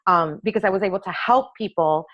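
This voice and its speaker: Animated woman telling her story. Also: mid-range voice, fairly quick, dull audio. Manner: animated storyteller acting out quoted dialogue. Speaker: optometrist and eyewear maker, interview guest. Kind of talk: conversational interview storytelling.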